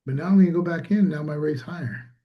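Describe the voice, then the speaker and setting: A man's voice: on the high side, quick pace, narrow, tinny audio. A man, a small business owner, telling a story in casual conversation and acting out quoted dialogue.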